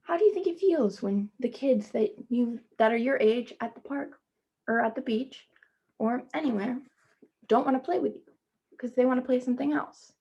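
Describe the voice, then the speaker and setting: A woman teacher reading a children's picture book aloud, stopping to gently ask her young listeners questions. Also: fairly high pitch, moderate pace, creaky, slightly rough, muffled recording. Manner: speaks to children as "friends".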